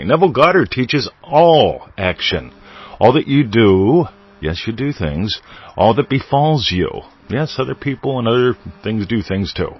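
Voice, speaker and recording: Low husky man hosting a podcast. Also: muffled recording. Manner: playful, riffing, wordplay and asides. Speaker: podcast host. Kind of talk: casual spiritual teaching monologue.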